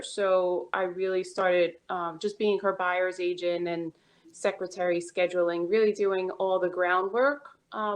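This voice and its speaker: A woman with a New York accent, a real estate agent chatting as a podcast guest in an upbeat, casual way. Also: medium pitch. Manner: chatty and upbeat, with short laughs. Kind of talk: casual interview chat.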